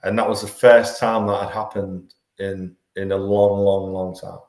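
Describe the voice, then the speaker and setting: Earnest middle-aged man, low voice, roomy. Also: flat delivery, a little slow, a little mellow. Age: 40s. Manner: earnest, repeats words when restarting thoughts. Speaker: podcast guest, life coach. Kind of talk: candid conversational interview. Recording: roomy echo.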